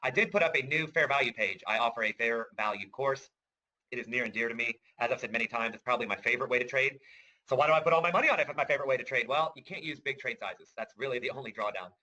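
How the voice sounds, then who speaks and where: A middle-aged man leads a webinar at a quick clip, eager and talkative, tossing in "right?" and little laughs. His voice is bright and pushing forward. The audio is a bit dull and lo-fi, like a computer mic. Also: mid-range voice. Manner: enthusiastic, chatty, keeps asking "right?" and laughing. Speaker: trading course instructor. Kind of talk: webinar presentation.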